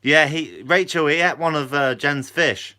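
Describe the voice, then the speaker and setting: A young man hosts a casual live stream, reading out viewer questions and answering them in an easygoing, chatty way. His voice is bright and forward, sitting a little high for a man. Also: measured pace. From Guernsey, Channel Islands. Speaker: fishing channel host.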